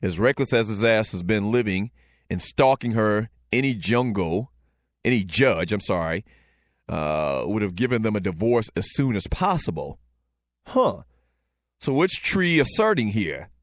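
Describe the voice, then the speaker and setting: A man in his forties with a Southern Lowcountry accent, hosting a casual talk show, telling stories loosely and joking with the chat. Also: sing-song, a little slow, dry recording, clean studio sound. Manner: loose, joking, storytelling with frequent fillers. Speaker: show host.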